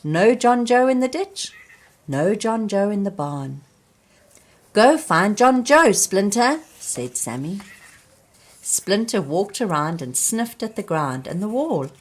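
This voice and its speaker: A woman reading a children's storybook aloud, slowly and expressively, speaking to young listeners. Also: medium pitch, slightly rough. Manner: slow, expressive, addressing children. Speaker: storybook reader.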